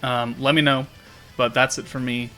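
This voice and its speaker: A man's voice: mid-range voice, flat delivery, normal speed, sharp tone, faint music behind. A man hosting a gaming channel, giving casual commentary and thinking aloud in a loose, rambling way with fillers.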